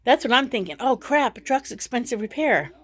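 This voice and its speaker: Middle-aged woman vlogger, slightly high voice, rambling, laughs things off. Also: animated, brisk, fairly bright tone. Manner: rambling, laughs through her frustration. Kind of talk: casual vlog chat.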